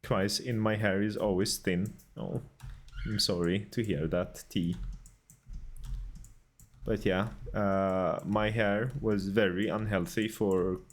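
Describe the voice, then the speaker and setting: A man streaming casual chat while making game art, reading viewer messages and putting on a deliberately terrible Swedish accent. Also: lowish voice, fairly even intonation, slight background noise. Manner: chatty, reads out and answers viewer messages.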